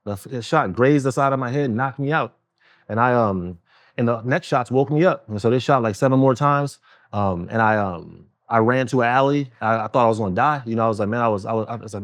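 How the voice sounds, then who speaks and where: A man's voice: mid-range voice, fairly quick, no echo. A man hosting a casual conversation, telling a personal story with lots of fillers and acting out other people's voices. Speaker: host.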